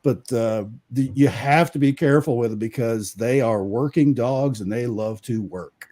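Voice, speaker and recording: A man in casual chat telling relaxed, easygoing anecdotes. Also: medium pitch, moderate pace.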